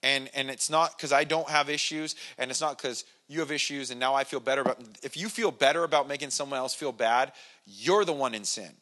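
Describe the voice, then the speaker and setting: A man's voice: medium pitch, fairly quick, bright, forceful tone. A man preaching a casual, conversational sermon to his congregation, self-deprecating and full of restarts and acted-out quotes. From Irish family background. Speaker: pastor.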